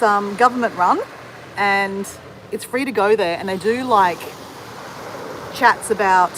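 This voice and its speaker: An Australian woman with an Australian accent hosts a livestream outdoors in the sun, chatting casually, greeting viewers and answering their comments. Her medium-pitched voice is fairly bright, though the audio is poor with a little hiss or hum.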